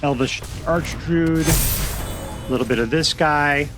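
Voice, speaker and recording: A man's voice: a little high, measured pace, music in the background. A man giving casual, joking commentary to himself as he plays a card game. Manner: chatty, joking, talks to himself while playing. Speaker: gameplay commentator.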